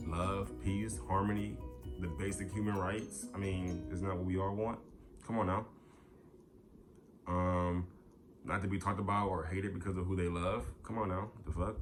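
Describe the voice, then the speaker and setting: Deep-voiced young man ranting on a vlog. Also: moderate pace, over music. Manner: animated, profane, ranting. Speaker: YouTuber. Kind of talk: casual vlog talk.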